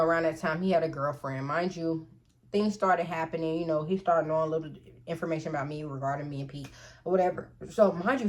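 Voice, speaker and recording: A woman's voice: sits low, mellow. A woman telling a casual, profane storytime straight to her viewers. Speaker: storytime vlogger.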